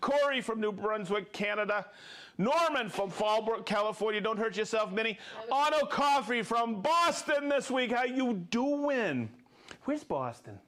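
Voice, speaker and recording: Upbeat high-voiced male stream host. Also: lively intonation, unhurried, fairly bright tone. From United States. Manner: upbeat, joking, reading out viewer names. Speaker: livestream host. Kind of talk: casual live-stream chat.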